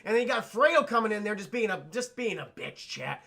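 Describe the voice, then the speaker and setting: Going through a film scene by scene for his livestream chat, a man speaks in a high, bright, forceful and gravelly voice. He rambles with profanity and energy, dropping quick asides to viewers as he reviews it.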